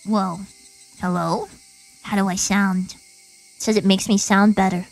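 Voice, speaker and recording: Slow-talking playful woman streamer. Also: mid-range voice, flat delivery, gravelly, soft background music, poor audio. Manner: playful, testing voice filters. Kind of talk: casual stream chat.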